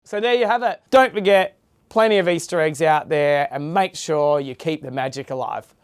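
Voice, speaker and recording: A man's voice: fairly high pitch, normal speed, clear, resonant tone. A middle-aged man hosting a podcast in casual, rambling chat, swearing freely. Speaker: podcast host.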